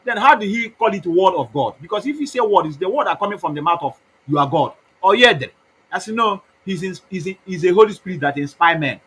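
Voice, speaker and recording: A man's voice: sits high, animated, a little fast, fairly bright tone, husky, poor audio. A man with an Igbo Nigerian accent giving a rambling campaign talk, mixing English with Igbo in a preachy, mocking way. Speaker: activist campaigner.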